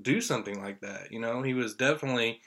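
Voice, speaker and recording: A man from Indiana talks eagerly on a casual podcast, rambling through his thoughts. His voice is bright and clear, sitting at a middle pitch. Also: fast talker. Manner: excited, rambling fan talk. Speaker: podcast co-host. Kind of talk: casual chat.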